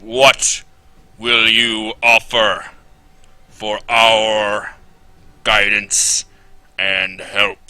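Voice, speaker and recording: A man voicing a glowing, steel-armored champion construct, speaking in a flat, deadpan robotic way. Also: fairly low pitch, very slow, long pauses, no room sound, heavily acted.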